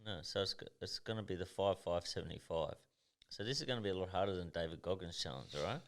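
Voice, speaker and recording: An Australian professional boxer in his thirties is the guest on a casual podcast, speaking fast in a deep voice. He tells stories in an animated way, blunt and swearing freely.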